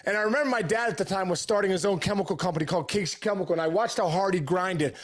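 Brief: middle-aged male guest, high-pitched for a man, eager and earnest, stumbles and restarts as he tells his story. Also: racing. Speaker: podcast guest. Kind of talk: storytelling in conversation.

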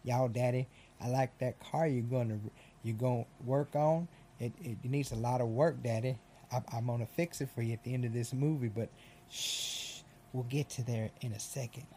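A man's voice: medium pitch, steady tone, moderate pace, warm tone, slight background noise, close to an everyday voice. A man mocking a young guy with a heavy drawl. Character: young drawling Southern American guy, eager.

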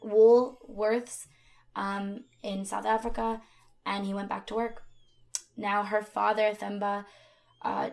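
A woman's voice: medium pitch, vocal fry, a little mellow. A woman co-hosting a podcast, recounting a true crime case in a conversational way with fillers and asides. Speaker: podcast co-host.

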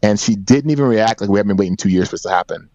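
A podcast guest in his forties tells a personal story earnestly and emphatically, repeating phrases. His low-leaning, mellow voice runs very fast, in a dry, dull lo-fi recording with no room sound.

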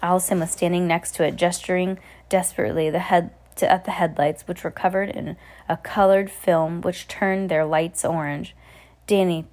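Woman, casual read-aloud to a child at home, lowish, self-correcting. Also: steady tone, normal speed, a little mellow. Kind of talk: reading a storybook aloud.

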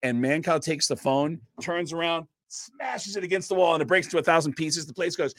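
A man guesting in a studio, telling a long story in an animated, casual way and swearing freely. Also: on the high side, normal speed, few pauses, dry recording. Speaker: comedian and impressionist guest.

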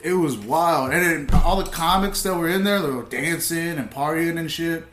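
A young man, a comedian, telling stories in laid-back casual talk, swearing freely and getting animated as he retells. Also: on the high side, moderate pace, roomy sound. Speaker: comedian, podcast guest. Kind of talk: casual storytelling.

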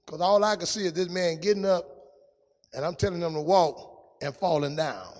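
A man preaching a testimony sermon in a sing-song style, dropping to a hush and rising to shouts. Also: fairly high pitch, moderate pace, big-room sound.

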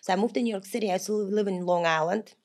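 A woman, telling her life story as a podcast guest in lively, broken English. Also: medium pitch, rapid-fire. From Kazakhstan. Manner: animated, laughing, broken English. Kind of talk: casual interview storytelling.

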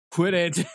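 A man co-hosting a podcast, chatting casually, giggling often and swearing while he rambles. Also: high-pitched. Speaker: podcast co-host. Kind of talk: casual chat.

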